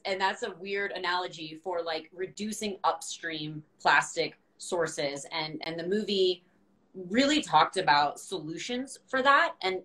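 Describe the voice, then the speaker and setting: A woman's voice: fairly low pitch, sharp tone, low-quality recording. A young woman guest on a video call, talking candidly and animatedly, with frequent laughs and blunt words. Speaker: guest, founder of a reusable straw company. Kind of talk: casual video-call chat.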